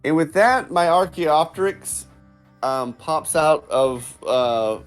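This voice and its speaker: A man's voice: on the high side, lively intonation, slow, soft background music. A man playing a tabletop game, talking casually and hesitantly while he searches for words. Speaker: player.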